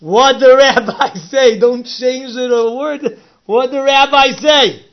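A man voicing a loud, demanding male mafia boss in a told story, shouting and insistent. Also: fairly high pitch, lively intonation, racing, breathy edge, muffled recording. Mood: urgent.

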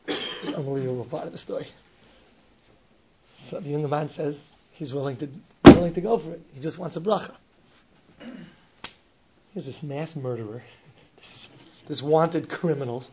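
A man telling a story with lively energy, often laughing and slipping in Yiddish words. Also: fairly high pitch, moderate pace, long pauses. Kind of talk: animated oral storytelling. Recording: dull lo-fi recording with faint hiss.

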